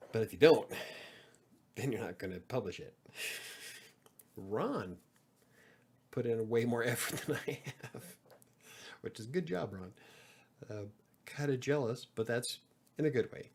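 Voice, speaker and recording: A man's voice: medium pitch, expressive, measured pace, long pauses, darkish tone, slightly rough. A middle-aged man hosting a live podcast stream, chatting in a rambling, self-deprecating way and swearing casually. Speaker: podcast host.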